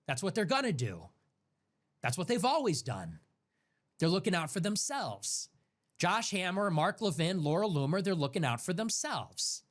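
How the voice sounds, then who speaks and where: A young man delivering a heated political monologue as a streamer, emphatic and contemptuous, repeating phrases for stress. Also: fairly high pitch.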